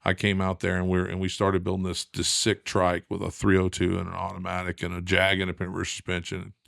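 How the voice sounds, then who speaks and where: Man, middle-aged, animated storyteller, lower voice, dry recording. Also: quick pace, creaky, no room sound. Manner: animated, acts out quoted voices. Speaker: guest. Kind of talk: casual storytelling.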